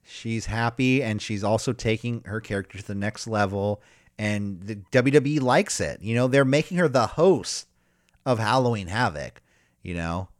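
A man co-hosts a casual wrestling podcast, recapping matches at normal speed with studio-quality sound and no room echo. He's animated and loose, swearing, joking, and mocking wrestlers in high, shouted voices.

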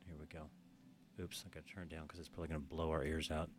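A man's voice: very deep voice, level tone, rapid-fire, slight background noise. A man hosting a podcast, chatting casually, laughing often and swearing freely. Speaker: podcast host. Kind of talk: casual chat.

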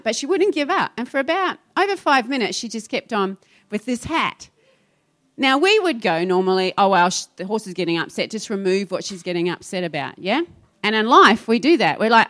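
Woman, pastor, church talk, animated storytelling, mid pitch. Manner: lively storytelling, animated quotes.

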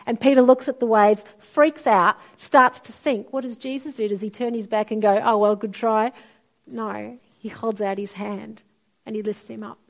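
A woman's voice: fairly high pitch, normal speed, creaky. A middle-aged woman, preaching a sermon and telling stories expressively. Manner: storytelling, expressive, acts out quoted voices.

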